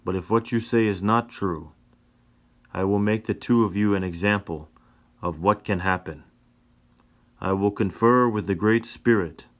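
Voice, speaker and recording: Male reader as a proud tribal chief, stern and measured, low voice. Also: close to an everyday voice. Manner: commanding, stern.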